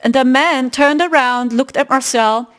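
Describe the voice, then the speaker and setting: A woman's voice: high voice, measured pace. A woman hosting a spiritual podcast, telling a story in a casual, emphatic way. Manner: animated, emphatic, retelling a story. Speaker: podcast host.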